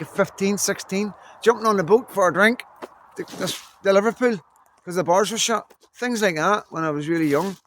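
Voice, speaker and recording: Talking casually into the camera indoors in Scotland, this Northern Irish vlogger from Belfast rambles on with plenty of "you know what I mean". His man's voice sits high and a bit bright, over slight background noise.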